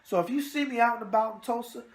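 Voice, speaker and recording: Very high-pitched and fast, a New York-accented man fields mail on his casual boxing web show. He comes across brash and wisecracking, with catchphrases everywhere.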